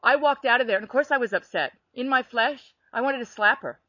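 A woman telling a personal faith story in animated, conversational storytelling, laughing now and then. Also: a little high, brisk, dry recording, lo-fi sound. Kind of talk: faith testimony chat.

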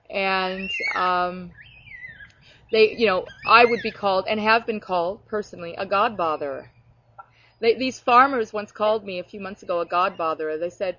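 A woman's voice: medium pitch, a bit bright, slight background noise. Earnest woman telling faith stories, lots of restarts, muffled lo-fi recording. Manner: earnest, storytelling, frequent restarts. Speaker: Christian speaker. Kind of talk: casual faith chat. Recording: dull lo-fi recording.

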